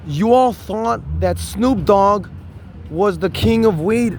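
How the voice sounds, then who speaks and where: A man's voice: high-pitched, slow, soft background music. A man rambling casually to the camera in a loose, stumbling monologue, full of restarts. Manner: rambling, restarts, stoner banter. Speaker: vlogger.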